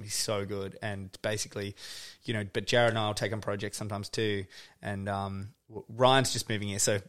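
A young man, a guest on a podcast, talking in loose casual chat full of "like" fillers. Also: on the low side. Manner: loose and chatty, with many "like" fillers.

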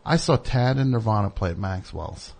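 A man's voice: fairly low pitch, normal speed, gravelly, a little mellow, husky. A middle-aged man hosting a radio show in a studio, chatting casually with an opinionated, teasing, rambling manner. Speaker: host.

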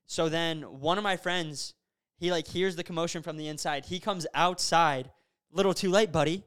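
Young man, high voice, smooth and crisp tone, animated storyteller, casual podcast chat, lots of fillers. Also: normal speed. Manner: animated, filler-heavy storytelling with frequent "bro" and "like". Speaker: podcast host.

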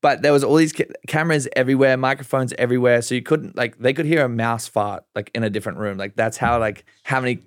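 A man's voice: medium pitch, steady tone, quick pace, hardly any pauses, no echo, studio quality. A young man chatting as a podcast guest, telling a story in a rambling, casual way, with lots of swearing and "like" fillers.

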